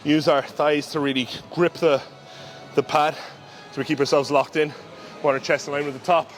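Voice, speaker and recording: A man giving casual, instructive commentary during his own gym workout, talking through form cues in a relaxed way. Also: a little high, normal speed, soft background music. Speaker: bodybuilder and coach. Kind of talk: casual training vlog commentary.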